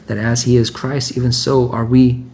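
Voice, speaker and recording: A man's voice: mid-range voice, little pitch movement, moderate pace, a little mellow, a little hiss or hum. A man preaching informally, reading scripture and then explaining it in a conversational way that keeps checking in with "right?" and repeats his phrases.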